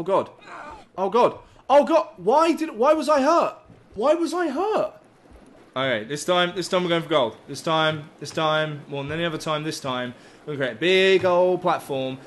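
A man's voice: on the high side, fairly bright tone, slight background noise. A man commentating a survival game as he plays, rambling and joking, swearing freely and yelping when startled. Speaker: gaming YouTuber. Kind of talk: let's play commentary.

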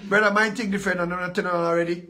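A man's voice: sits high, fairly even intonation, very fast, bright, forceful tone. A Jamaican man being interviewed, talking boastfully and animatedly in casual chat with patois mixed in. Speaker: guest artist.

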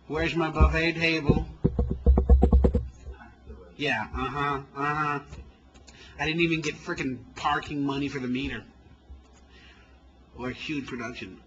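A man's voice: medium pitch, lo-fi sound, very noisy. A man hosting a call-in show as a comedian, telling crude, rambling jokey stories.

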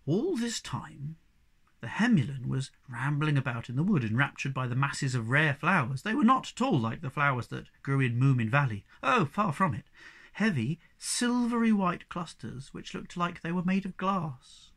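Man narrator for a children's book, lively and expressive, bright tone. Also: fairly high pitch, normal speed. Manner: animated, expressive reading. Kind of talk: storybook reading.

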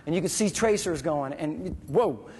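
Animated male storyteller in a big hall. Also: on the high side, moderate pace, husky. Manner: vivid, animated, acts out sounds and voices. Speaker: veteran speaker. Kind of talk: storytelling speech. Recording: hall reverb.

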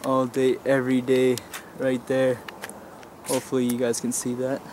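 A man's voice: mid-range voice, completely flat delivery, moderate pace, darkish tone, echoey room. A young man from Canada vlogging outdoors in winter with a handheld camera, joking and swearing in slangy banter. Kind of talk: casual outdoor vlog. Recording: noisy street with traffic. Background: street and traffic noise.

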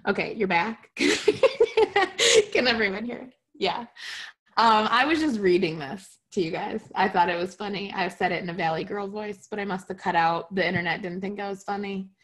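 A woman's voice: mid-range voice, fairly quick, fairly bright tone. A woman teaching a spiritual class online over a video call. She talks casually, often checks in with her listeners, and jokes at her own expense. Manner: light self-mocking humor.

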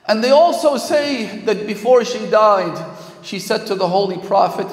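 A man's voice: high-pitched, moderate pace. A man giving a religious lecture as a sermon, telling stories with passion and building to emphatic peaks. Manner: impassioned storytelling, rising to emphatic peaks. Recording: echoey hall with long reverb.

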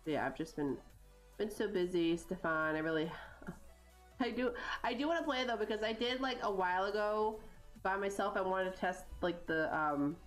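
A woman chatting through a game stream at an unhurried, drawn-out pace. Her voice sits somewhat low, and she rambles and grumbles at the game while greeting her viewers. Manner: exasperated, rambling, talks to chat viewers. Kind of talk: casual gameplay commentary.

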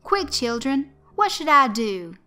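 Lady doing a big loud cheesy kids show host guy, high and bright, hams it up for the crowd. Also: sing-song, slow pace, full character voice. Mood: hammy. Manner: showy, coaxing, shouting to children. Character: loud jovial male kids' show host.

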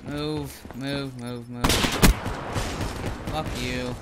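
A gaming video host doing gameplay commentary, swearing constantly and raging at opponents between calmer rambling stretches. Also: medium pitch, very slow, very noisy.

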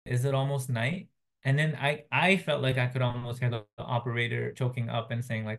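A man delivering a Friday sermon as a chaplain, soft-spoken and reflective, pausing often with fillers. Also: medium pitch, flat delivery, vocal fry. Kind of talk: Friday sermon, retelling a phone call.

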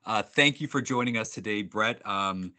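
Bright, upbeat male sales trainer. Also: lowish voice, normal speed. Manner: upbeat, animated, jokey, with frequent restarts. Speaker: sales trainer presenting a webinar. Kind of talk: energetic workshop presenting. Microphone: video call.

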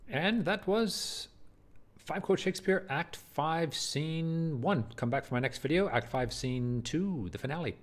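A man's voice: fairly high pitch, lively intonation, a little slow. A man teaching Shakespeare in a casual spoken lecture, emphatic and often repeating words as he restarts.

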